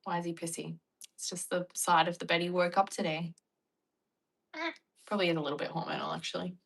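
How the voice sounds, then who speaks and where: A young Australian woman chatting casually and bluntly with her viewers, joking and acting out animated retellings. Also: lowish voice, brisk, vocal fry, rough recording. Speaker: vlogger. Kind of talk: casual chat reacting to viewer comments.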